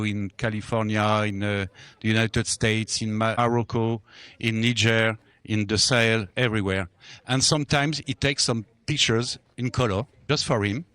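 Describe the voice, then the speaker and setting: A man's voice: medium pitch, a bit bright, no echo. Guy talking through a photo show, average voice, lots of uh and and-uh. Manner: halting, with many fillers. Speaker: exhibition presenter. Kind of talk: exhibition guide talk.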